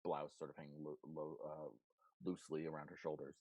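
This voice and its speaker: Very low-voiced man running a tabletop game. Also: monotone, fairly quick, warm tone, no echo, low-quality recording. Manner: loose, rambling narration full of ums and restarts. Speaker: game master.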